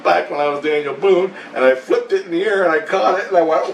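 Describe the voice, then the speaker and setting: A man's voice: sits high, fast, gravelly. A man telling a long dream story in a profane, rambling way, laughing between phrases. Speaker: vlogger recounting a dream. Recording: roomy echo, far from mic, faint hiss.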